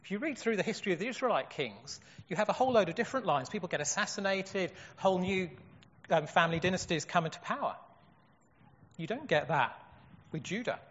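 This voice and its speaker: Husky-voiced preacher man in an echoey hall. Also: high-pitched, expressive, fairly quick, a bit bright, muffled recording. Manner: earnest, rhetorical questions. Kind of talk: sermon.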